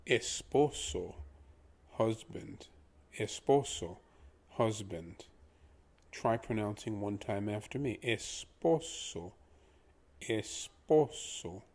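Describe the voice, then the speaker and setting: A man teaching pronunciation in a patient lesson, repeating each word slowly for the listener to copy. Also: fairly low pitch, creaky, darkish tone. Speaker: language teacher.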